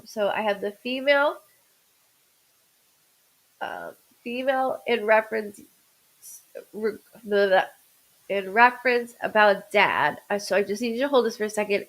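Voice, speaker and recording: A woman's voice: mid-range voice, normal speed, pauses often, a bit bright, poor audio. A woman doing a live-streamed psychic reading as a medium, rambling with stammered restarts and greeting viewers by name.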